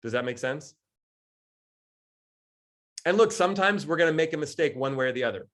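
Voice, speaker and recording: A man in his forties giving a lively coaching talk to a group, answering questions and acting out little quoted exchanges. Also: on the high side, fairly quick. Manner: lively, acts out quoted voices, laughs often. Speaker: coach and speaker.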